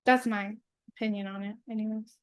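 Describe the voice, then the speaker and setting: A woman's voice: medium pitch, steady tone, a little fast, no room sound, clean studio sound. A woman chatting casually on a live stream while painting, easygoing and using lots of "like". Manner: easygoing, frequent "like" fillers.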